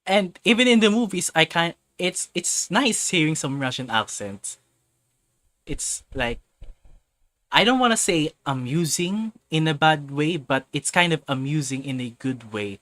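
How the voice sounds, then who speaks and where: Male streamer, non-native English, bright and dry sound, loose rambling delivery with many restarts. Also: a little high, animated, a little slow, no room sound. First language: not English. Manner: rambling, restarts and repeats himself. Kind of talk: casual live-stream chat.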